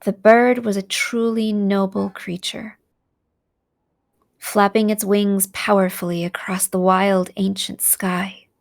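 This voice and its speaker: A woman narrating a visual novel aloud in a slow, soft storytelling manner. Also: mid-range voice, level tone, creaky.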